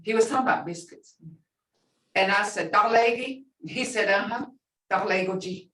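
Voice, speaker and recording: An older woman teaching a language class in a relaxed way, repeating phrases slowly for her learners. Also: medium pitch. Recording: echoey room, distant from mic.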